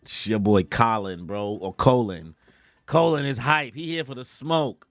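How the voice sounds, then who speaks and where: A young man reacting live to a comic chapter, reading its lines aloud in slangy, animated casual talk and laughing often. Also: medium pitch, a little slow, dry recording, soft background music. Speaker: streamer reacting to a manga chapter.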